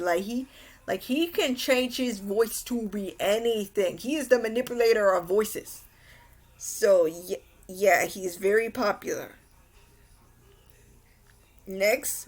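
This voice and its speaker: A young woman recaps an anime in a casual, rambling way. She restarts sentences often and sounds mildly exasperated at the plot. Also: medium pitch. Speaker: anime reviewer.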